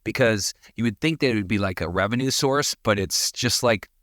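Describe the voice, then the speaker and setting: A man's voice: fairly low pitch, brisk, fairly bright tone, no room sound, studio quality. A man co-hosting a podcast, talking in a laid-back, plain-spoken way. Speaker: podcast co-host. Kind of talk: casual conversation.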